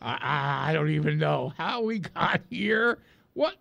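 A man with a raised, gravelly voice hosts comedic radio banter. He swings his pitch widely as he reads listener questions in mock outrage and laughs often. The sound is dry and close. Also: lively intonation, a little slow, fairly bright tone, no echo, muffled recording. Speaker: radio show co-host.

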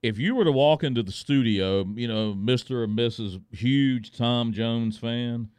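A man's voice: mid-range voice, a little slow, a little mellow, clear, resonant tone, dry recording. A man hosting a radio show, chatting and joking with his co-host in the studio. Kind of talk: casual radio chat.

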